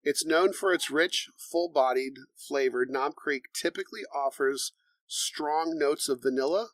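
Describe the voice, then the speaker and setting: A man co-hosting a casual bourbon tasting podcast, explaining bottles and reading tasting notes in a measured way. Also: a little high, fairly bright tone, dry recording. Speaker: podcast co-host.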